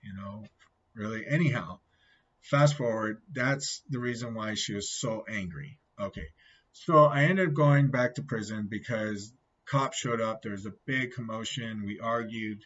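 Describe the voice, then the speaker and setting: Brief: husky man, casual testimony, keeps asking "okay?", dull lo-fi sound. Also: fairly low pitch, measured pace, fairly bright tone. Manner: rambling, repeats "okay?" often. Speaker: testimony vlogger. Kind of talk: personal testimony, casual storytelling. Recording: dull lo-fi recording.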